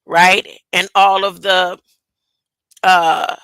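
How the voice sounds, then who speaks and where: Reading out a news item between rambling remarks, a woman trips over words and laughs at her own mistakes, her delivery slow and drawn out. Her lowish voice is fairly bright and clean, with little pitch movement. There's no room sound, but the recording quality is low.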